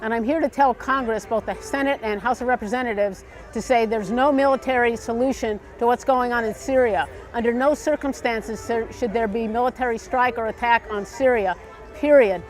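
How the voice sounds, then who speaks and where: A woman speaks out to camera at a street festival booth, firm and insistent, driving her point home again and again. Her voice sits a little high, with faint music behind her. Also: fairly quick, hardly any pauses. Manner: emphatic, insistent, repeats key phrases. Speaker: public commenter. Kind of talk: impassioned statement to camera.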